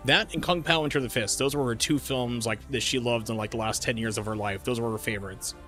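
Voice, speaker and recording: A man's voice: mid-range voice, steady tone, quick pace, bright, forceful tone, faint music behind. A man in his forties chatting casually while streaming a game, telling a long story with lots of uhs and restarts. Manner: rambling storyteller with many fillers. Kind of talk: casual chat while gaming.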